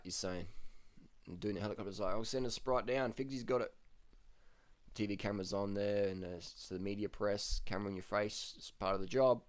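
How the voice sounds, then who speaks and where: Low-voiced man swearing through race commentary. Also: brisk. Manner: swears often, voice jumps up when excited. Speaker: cycling commentator reviewing race footage. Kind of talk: profane, excitable race commentary.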